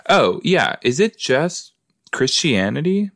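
A man's voice: fairly high pitch, very animated, slow pace, fairly bright tone, no echo, studio quality. A man hosting a casual watch-along podcast, chatting in a rambling way and talking to his listeners. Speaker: podcast host.

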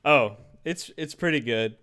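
A jokey man co-hosting a casual podcast. He talks slowly and unhurriedly, with a smooth, clear voice and an average pitch. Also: pushed and bright. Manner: jokey, reads labels in put-on voices. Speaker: podcast co-host. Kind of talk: casual chat.

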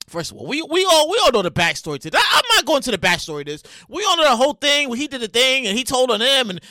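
A man with a high, bright voice hosts his own podcast, talking in a loose, profane stream full of restarts and repeated phrases. His pitch swings widely as he breaks into loud acted-out scenes. The sound is dry and close. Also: dry recording. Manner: bursts into loud acted-out reenactments. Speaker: podcast host. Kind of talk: solo casual commentary.

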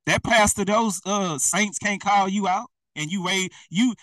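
Young preacher guy, high bright voice, chatty and laughing, sounds a bit far off. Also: unhurried, no room sound. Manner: lively, conversational, laughs often. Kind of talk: sermon.

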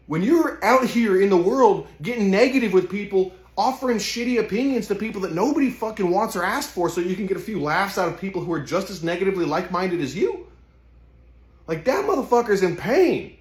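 A man's voice: high-pitched, expressive, brisk, reverberant. A man giving an impassioned, profane motivational monologue, speaking intensely and swearing heavily.

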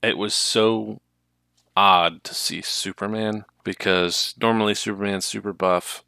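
Chatty male co-host, low gravelly voice with a bright edge, dry close sound. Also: fairly even intonation, a little slow, no room sound. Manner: chatty, retells plots at length. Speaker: podcast co-host. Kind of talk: casual chat.

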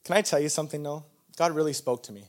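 A man's voice: a little high, very fast, a little mellow. A young adult man preaching a sermon to a live church audience, telling a personal story candidly and laughing often. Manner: candid, storytelling, self-deprecating with frequent laughs.

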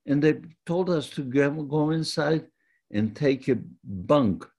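An older man from Poland, slowly recounting his own life story in a plain, halting manner. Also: on the high side, darkish tone. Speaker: Holocaust survivor. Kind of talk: testimony storytelling.

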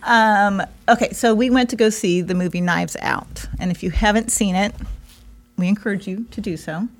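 A woman's voice: mid-range voice, moderate pace. A woman guesting on her husband's podcast who talks in a rambling way, teases him and laughs a lot. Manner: rambling, teasing, laughs often. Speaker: podcast guest, host's wife. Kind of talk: casual podcast chat. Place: small studio set.

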